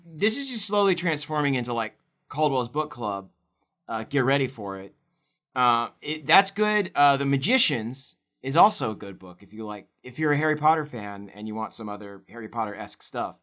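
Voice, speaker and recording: A man's voice: medium pitch, sing-song, normal speed, a bit bright. A young man co-hosting, chatting casually and playfully while drawing, laughing often. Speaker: co-host.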